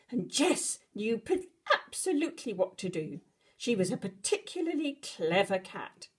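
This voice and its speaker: Female storyteller, breathy voice, slow and expressive bedtime reading. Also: fairly high pitch. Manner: expressive, dramatic gasps and animal noises. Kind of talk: bedtime story read to children.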